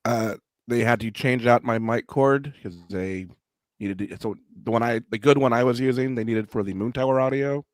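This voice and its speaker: A man's voice: mid-range voice, moderate pace, no echo, clean studio sound. A man co-hosting a podcast, recounting events in a matter-of-fact, self-deprecating way. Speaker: podcast co-host. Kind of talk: casual podcast chat.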